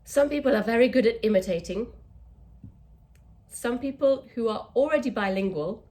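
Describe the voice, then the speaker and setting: A woman's voice: on the high side, lively intonation, moderate pace, a little mellow. A woman with an English accent, a communication coach teaching to camera, stretching out key words for emphasis.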